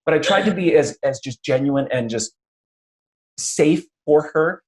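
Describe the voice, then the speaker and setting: A man's voice: on the high side, lively intonation, a little slow. A man hosting a conversational interview, telling stories with frequent restarts and acting out quotes. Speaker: podcast host.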